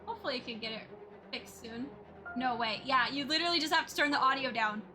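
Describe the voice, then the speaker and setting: A woman's voice: high voice, quick pace, pushed and bright, soft background music. A woman streaming a game, chatting casually with her viewers and laughing easily. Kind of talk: casual gameplay chat.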